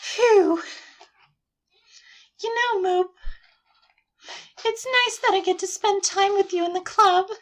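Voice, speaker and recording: A woman's voice: very high-pitched, takes it slowly, long pauses, voice pushed up. A woman voicing a bubbly, cheerful teenage schoolgirl for a game, sweet and eager in a sing-song way. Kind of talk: live-stream voice acting of game lines.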